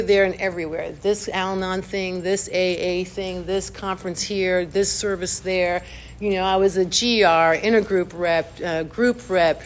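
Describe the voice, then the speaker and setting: A woman sharing her recovery story in animated, chatty personal storytelling, full of "like" fillers and acting out her own reactions. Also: medium pitch.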